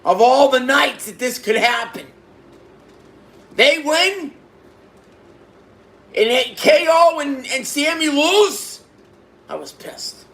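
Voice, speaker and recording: Excitable high-voiced man reviewing. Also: takes it slowly, long pauses. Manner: excitable, repeats himself, bursts into exclamations. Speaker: wrestling show reviewer. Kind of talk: casual video review.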